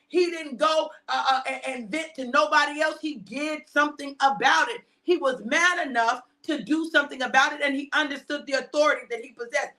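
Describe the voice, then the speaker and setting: Middle-aged woman preacher, high and bright, lively energetic sermon delivery with repeated lines. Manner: animated, repeats phrases, laughs often, shouts for emphasis. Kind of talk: energetic sermon on a live stream.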